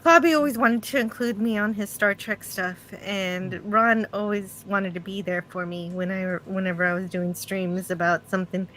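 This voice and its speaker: A woman's voice: medium pitch, steady tone, normal speed, hardly any pauses, fairly bright tone, slight background noise, rough recording. A woman talking casually in a group live stream and reading out chat comments. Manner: chatty, reads chat comments aloud.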